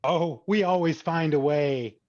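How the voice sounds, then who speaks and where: A man's voice: on the high side, a little slow, a little mellow, close to an everyday voice. A man improvising a cheerful, bubbly fairy-tale princess with a gushing manner, over dull lo-fi call audio. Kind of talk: online improv comedy.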